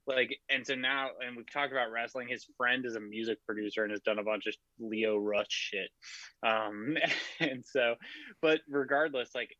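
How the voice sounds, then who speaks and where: A man's voice: medium pitch, bright, forceful tone, no room sound, muffled recording. A man chatting casually on a podcast, telling a long story full of "like" and swearing. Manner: rambling storyteller, heavy filler "like", swearing. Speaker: podcast co-host. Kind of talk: casual chat.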